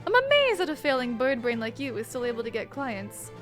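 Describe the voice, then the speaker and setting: A woman's voice: high-pitched, very animated, fairly quick, a bit bright, soft background music. Smug rooster prosecutor, lofty and mocking, game villain played by a woman streamer. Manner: haughty, mocking, grandly formal. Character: pompous arrogant male rooster prosecutor.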